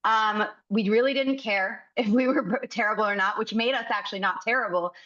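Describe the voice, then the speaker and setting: A woman's voice: mid-range voice, fairly quick, bright, forceful tone. A woman in her thirties, a podcast guest in casual chat, candid and giggly. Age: 30s. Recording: slightly dull mic sound.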